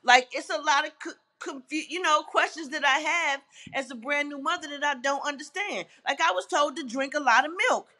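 A woman's voice: high voice, a little fast, hardly any pauses, pushed and bright. A woman guest talking candidly and bluntly, swearing and laughing as she goes. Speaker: interview guest. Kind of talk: casual, candid chat.

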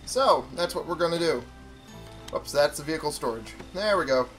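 A man's voice: fairly high pitch, animated, normal speed, a bit bright. Brief: young male let's-player, loose chatty commentary, curses a lot, faint game music behind. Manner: chatty, swears freely, talks to viewers. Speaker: gaming YouTuber. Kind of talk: casual gameplay commentary.

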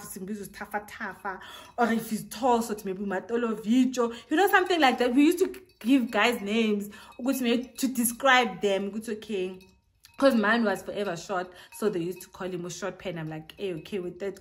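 A young South African woman with a lively accent tells a casual storytime, acting out what others said and mixing in local slang. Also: a little high. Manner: animated, acts out quotes, mixes in local slang. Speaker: vlogger.

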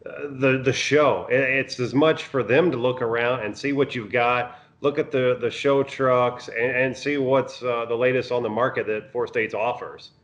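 A man being interviewed as a guest, talking in a relaxed, halting way with many fillers. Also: mid-range voice, dull audio. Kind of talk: casual interview chat.

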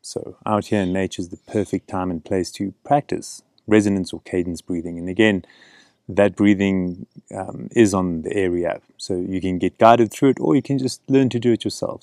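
A middle-aged man teaching gentle breathing practice outdoors, speaking in a calm, encouraging way. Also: sits low, normal speed, no room sound, studio quality. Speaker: breathing coach. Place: outdoors in a canyon.

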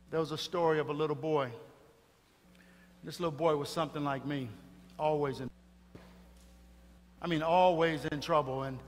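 Dramatic preacher in an echoing hall. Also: male voice, on the high side, a little hiss or hum. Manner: dramatic, swinging between hushed and loud. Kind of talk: funeral sermon. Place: church funeral service. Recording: reverberant hall with faint music.

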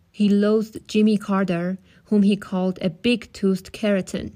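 Calm woman reading a novel aloud. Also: medium pitch, unhurried, hardly any pauses. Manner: calm, steady. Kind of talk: audiobook-style reading.

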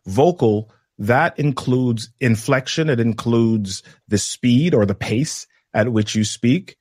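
A man guesting on a podcast as a communication trainer, explaining things in a measured way with deliberate pauses. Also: mid-range voice, a little mellow, husky, dry recording, studio quality. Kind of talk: instructive podcast conversation.

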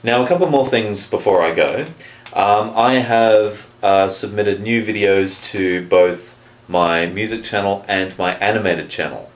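A man with a deep, low voice chats casually to his channel's viewers, hesitating and restarting often as he explains things. The sound has a noticeable roomy echo, as if recorded in a room at home. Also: measured pace. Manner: chatty, hesitant with frequent restarts. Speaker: YouTube channel host. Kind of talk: casual vlog announcement.

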